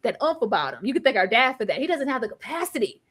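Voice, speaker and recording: A woman hosting a TV recap chat, talking in an animated, emphatic way with bursts of exasperated exclamation. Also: a little high, fast, husky. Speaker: TV recap podcast host. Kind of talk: casual chat.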